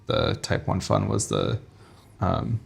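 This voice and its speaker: A man's voice: low voice, slow pace, creaky. A young man co-hosting a podcast, casually retelling a travel mishap with lots of quoted back-and-forth. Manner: rambling, animated retelling with quoted dialogue. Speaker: podcast co-host. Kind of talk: casual storytelling chat.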